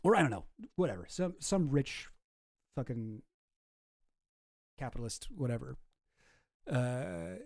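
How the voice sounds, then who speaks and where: A man's voice: mid-range voice, animated, a little slow, vocal fry, long pauses, a little mellow. Profane, ranting man. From Canada. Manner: profane, ranting, with frequent restarts. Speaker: commentary host. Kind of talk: casual reaction commentary.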